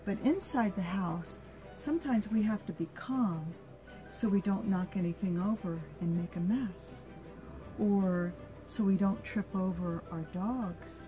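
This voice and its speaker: An older woman reading a picture book aloud to her grandchild, slow and gentle, stopping to ask the child questions. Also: fairly low pitch, soft background music.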